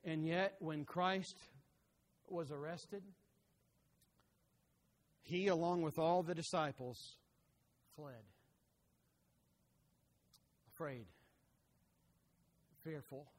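A man with a high voice preaches a sermon and fills a big hall whose sound rings on after each phrase. He repeats words for emphasis and swings from loud declarations to hushed single words. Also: extremely slow, pauses often. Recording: long reverb of a large hall.

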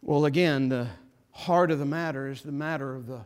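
A man preaching a sermon as pastor, impassioned, repeating phrases and building to forceful emphasis. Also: medium pitch, fairly even intonation, normal speed, smooth.

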